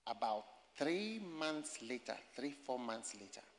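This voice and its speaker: A man's voice: mid-range voice, very animated, measured pace. A man preaching a sermon, emphatic and repetitive as he tells stories. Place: campus gathering. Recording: echoey hall reverb.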